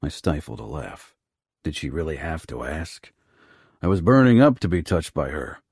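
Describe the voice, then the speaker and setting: A man narrating a first-person romance audiobook in a low, rough, often hushed delivery. His voice sits extremely deep and carries a husky grain. The recording is dry and close. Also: sing-song, normal speed, no room sound.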